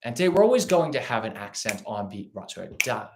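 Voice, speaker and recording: A man of middle pitch teaches a ukulele lesson live, patiently explaining rhythm and breaking into counted beats and chanted syllables. Faint background noise and small clicks sit under his voice. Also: sing-song, quick pace, a little mellow. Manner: counts and chants rhythms aloud while clapping; patient, explanatory, asks rhetorical questions. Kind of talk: live-streamed music lesson.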